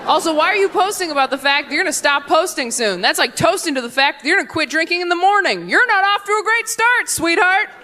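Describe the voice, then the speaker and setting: A woman in her twenties performing stand-up comedy with a brisk, sarcastic, punchy delivery. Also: very high voice, lively intonation, sharp tone, a little hiss or hum. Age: 20s.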